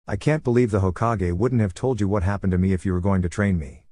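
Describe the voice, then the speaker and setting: Guy reading as a mouthy teen ninja girl, snapping back, kinda low pitched. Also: steady tone, fast talker, mellow, no echo, studio quality. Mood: irritated. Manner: snappish, sarcastic. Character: sharp-tongued teenage ninja girl.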